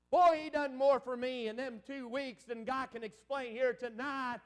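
A man preaching a revival sermon as an evangelist. He tells a personal story with fervor, dropping low and hushed before building to loud, exclamatory peaks full of "amen.". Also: fairly even intonation, normal speed, hardly any pauses. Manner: fervent storytelling preacher, keeps repeating "boy, I'm telling you" and "amen".

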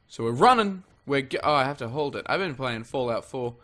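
A man's voice: medium pitch, expressive, a little fast, sharp tone. Swearing, rambling male gameplay commentator. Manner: rambling, jokey, heavy swearing. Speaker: gaming channel host. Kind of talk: let's play commentary.

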